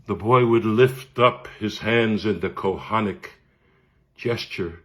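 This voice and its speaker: A man, a cantor telling a humorous personal story with animated delivery and frequent laughs. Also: lowish voice, slow. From Brooklyn, New York. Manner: animated, laughs often, acts out voices.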